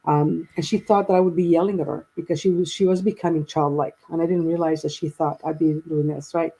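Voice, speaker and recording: A woman's voice: deep voice, level tone, brisk, dark tone, breathy edge, poor audio. A woman in her fifties, a guest telling a long personal story in a rambling way, with many restarts and quoted dialogue.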